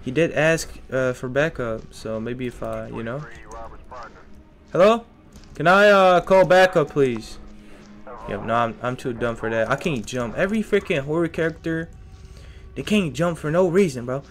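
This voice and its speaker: A man's voice: medium pitch, moderate pace. A young man streaming a horror game, jittery and scared, muttering to himself and taunting the monster in slangy talk. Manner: slangy, keeps saying bro. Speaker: gaming streamer. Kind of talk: horror game let's play commentary.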